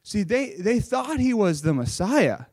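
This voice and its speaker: Animated high-voiced man preaching to kids. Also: a little slow, no room sound, clean studio sound. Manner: lively, animated storytelling with dramatic voices; casual, uses "like" often. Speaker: children's pastor. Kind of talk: children's sermon with Bible reading.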